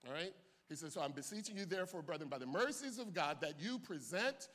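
An older man preaches a sermon with a lively, bright voice, his pitch leaping around as he teaches. He swings between quiet, intimate asides and sudden loud bursts of exhortation. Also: quick pace. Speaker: pastor.

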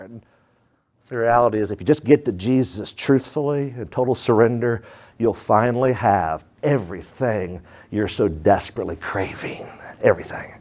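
A man preaching a sermon to his congregation, animated and folksy, jumping between loud bursts and low asides and slipping into quick voices to act out the people he talks about. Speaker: pastor.

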